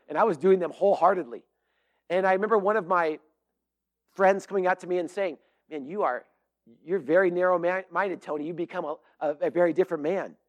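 A middle-aged man preaching a sermon as pastor, earnest and emphatic, with frequent fillers and restarts. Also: high voice.

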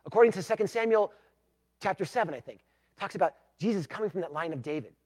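A pastor preaching a sermon, emphatic, moving between loud declarations and hushed, pleading passages. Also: male voice, high voice, expressive, fast.

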